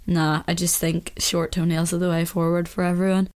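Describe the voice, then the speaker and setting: A woman's voice: lowish voice, little pitch movement, normal speed, a little mellow. A young woman with a Northern Irish accent, hosting a casual solo podcast in a chatty, opinionated way and laughing often. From Northern Ireland. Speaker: podcast host.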